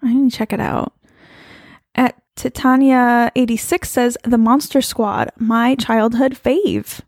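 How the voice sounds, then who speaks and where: A woman's voice: a little high, fairly even intonation, measured pace, a little mellow, no room sound, studio quality. A woman co-hosting a podcast in casual chat, laughing often and talking with many fillers. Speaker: podcast co-host.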